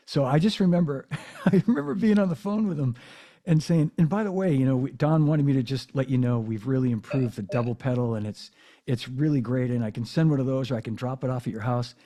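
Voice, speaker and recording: Mellow-voiced man telling rambling stories. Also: mid-range voice, brisk. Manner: rambling storyteller, many fillers and restarts. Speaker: podcast host. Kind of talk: casual interview chat. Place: home drum room.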